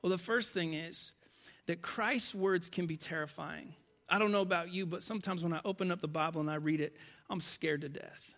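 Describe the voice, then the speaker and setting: A pastor preaching to a congregation from a church stage, swinging between loud, animated passages and hushed, quiet ones. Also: male voice, on the high side, moderate pace. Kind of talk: sermon.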